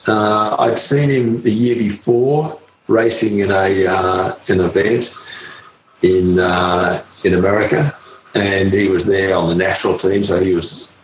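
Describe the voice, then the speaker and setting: Brief: middle-aged Australian ex-athlete, deep voice, rambling story, roomy sound with faint background noise. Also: male voice, little pitch movement. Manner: halting, full of fillers and mild swearing. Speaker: interview guest, former pro cyclist. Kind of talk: casual anecdotal storytelling.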